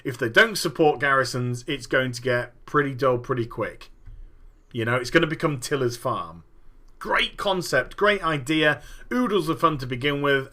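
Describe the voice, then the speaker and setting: A man hosting a gaming show, giving animated, profane solo commentary and telling his story vividly. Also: mid-range voice. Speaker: gaming podcast host.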